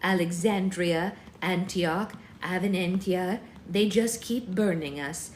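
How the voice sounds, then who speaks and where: A woman voicing an ancient female witch crone who speaks slowly, gravely and with command, read aloud in a room with echo. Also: fairly low pitch, slight background noise.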